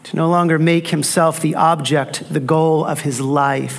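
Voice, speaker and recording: High-voiced preacher delivering an emphatic sermon. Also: male voice, fairly even intonation, a little slow, gravelly, few pauses. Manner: emphatic preaching with repeated phrases and rhetorical questions. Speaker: pastor.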